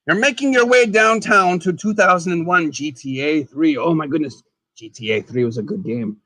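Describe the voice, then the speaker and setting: A man hosting a casual live stream, chatting while he eats. He is excitable, exclaims often and calls himself the dead skeleton in the third person. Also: fairly high pitch, moderate pace, dry recording.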